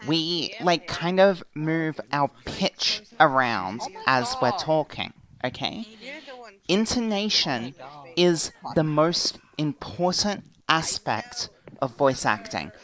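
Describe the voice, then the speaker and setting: Slow, low-pitched woman teaching a class. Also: animated, fairly bright tone, low-quality recording. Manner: instructive, slow and deliberate, demonstrates voices. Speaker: voice acting teacher. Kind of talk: casual class lecture in a virtual world.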